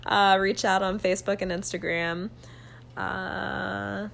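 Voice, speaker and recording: A young woman co-hosting a podcast in casual chat, chatty and quick to laugh. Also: medium pitch, level tone, creaky, a bit bright, slight background noise. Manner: giggly, chatty, laughs often. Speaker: podcast co-host.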